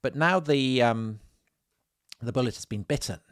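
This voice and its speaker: A man's voice: medium pitch, a little slow, no room sound, clean studio sound. A middle-aged man co-hosting a history podcast, chipping in with wry remarks and questions. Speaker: podcast co-host. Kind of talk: conversational history chat.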